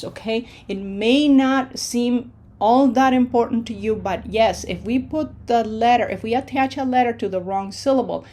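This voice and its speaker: A woman teaching an online pronunciation lesson, patient and reassuring, slowing down to sound out words syllable by syllable. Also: on the high side, warm tone. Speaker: language teacher.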